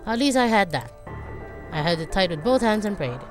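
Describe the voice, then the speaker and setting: A woman's voice: mid-range voice, very animated, brisk, music in the background, lightly acted. A woman reading a game's first-person narration as a frightened, desperate young woman. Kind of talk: game text read aloud.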